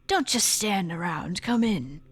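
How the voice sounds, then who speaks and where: A woman voicing a friendly, gruff male fairy dwarf craftsman with a put-on accent, talking slow and low. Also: animated. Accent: put-on accent, British-sounding.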